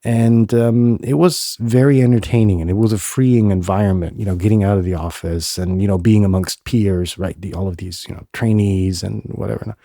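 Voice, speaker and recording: Low gravelly guy hosting his podcast, rambly and blunt, dark mellow tone. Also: steady tone, normal speed, hardly any pauses, no echo, studio quality. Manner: rambling, many filler sounds, blunt and profane. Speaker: podcast host. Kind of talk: casual solo podcast monologue.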